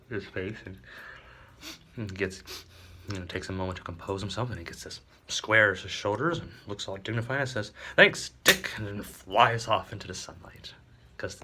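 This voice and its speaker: Comedian guy rambling through a silly story, bright edgy voice, lots of "you know"s. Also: on the low side, a little hiss or hum. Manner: rambling, halting, full of fillers, sometimes drops to a whisper.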